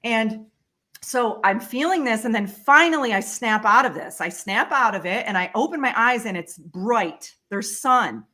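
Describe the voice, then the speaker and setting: A woman, a guest on a talk show, telling a personal story with lively, emotional delivery. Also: fairly high pitch, moderate pace. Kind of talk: storytelling in a casual interview.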